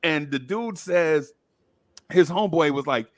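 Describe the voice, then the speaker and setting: Lively, bright-voiced New man. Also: high-pitched, normal speed. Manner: animated storyteller, acts out voices. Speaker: podcast co-host. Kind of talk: casual storytelling chat.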